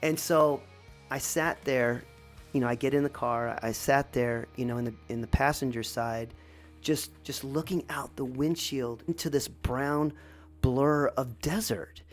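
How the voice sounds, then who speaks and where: Woman, very low voice, reflective rambling storyteller, soft music behind. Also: unhurried. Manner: reflective, rambling, with many restarts. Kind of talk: personal storytelling.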